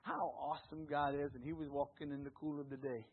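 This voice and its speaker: A man preaching a sermon with call-and-response, jokes and an earnest, hushed prayer. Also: a little high, brisk, breathy edge. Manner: call-and-response, jokey and lively. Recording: tinny phone-like lo-fi sound.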